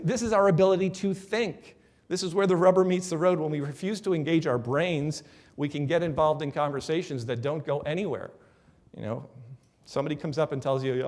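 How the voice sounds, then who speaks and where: A man's voice: on the high side, moderate pace. Chatty man giving a conference talk. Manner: lively, conversational, often checks in with "right?"; acts out quoted voices and laughs at his own examples. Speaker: business growth speaker.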